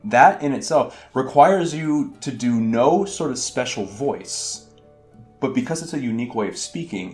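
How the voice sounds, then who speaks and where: A man casually explaining how he voices characters in tabletop games, rambling and self-deprecating with many fillers. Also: on the low side. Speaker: channel host. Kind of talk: casual explanation of game mastering tips. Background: faint guitar music.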